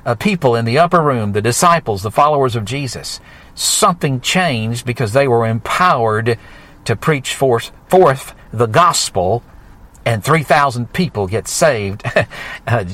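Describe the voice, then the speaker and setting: A male preacher, delivering a fervent sermon that builds with rising emphasis and drawn-out words. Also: mid-range voice, fairly bright tone.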